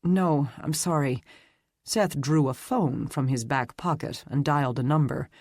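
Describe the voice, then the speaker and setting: Male audiobook narrator, mid pitch, steady reading, dry close recording. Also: normal speed, no room sound. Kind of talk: scripted narration.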